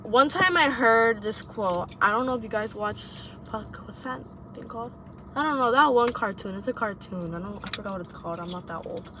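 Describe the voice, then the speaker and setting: Bright-voiced young woman, blunt and profane. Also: on the high side, moderate pace, slight background noise. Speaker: vlogger giving advice. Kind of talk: casual monologue to camera.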